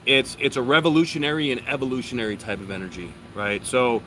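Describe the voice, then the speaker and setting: A man co-hosting a casual live chat as the astrologer, explaining ideas in a relaxed way with lots of fillers. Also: medium pitch, quick pace, slight background noise, rough recording. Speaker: astrologer and co-host.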